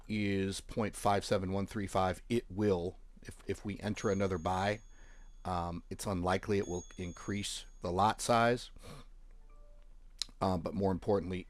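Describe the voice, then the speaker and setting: Man, low voice, casual chart walkthrough, joking asides, dry recording. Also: dry recording. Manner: offhand, joking, talks while clicking through charts. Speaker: forex trading channel host. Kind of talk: casual screen-share walkthrough.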